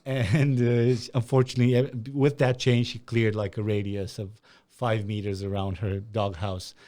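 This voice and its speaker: A young man from Romania hosting a podcast, telling a story in a casual, animated way and swearing freely. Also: lowish voice, moderate pace. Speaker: podcast host.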